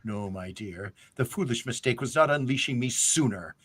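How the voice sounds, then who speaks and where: A man reading the lines of a cruel, scheming undead lich queen in a slow, measured, menacing way. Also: mid-range voice, animated, fairly bright tone, husky. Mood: cold menace.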